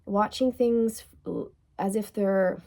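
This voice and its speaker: A woman's voice: medium pitch, steady tone, slow, mellow. A woman giving a tarot reading in a loose, chatty way, repeating phrases and laughing at her own slips. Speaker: tarot reader. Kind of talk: tarot card reading monologue.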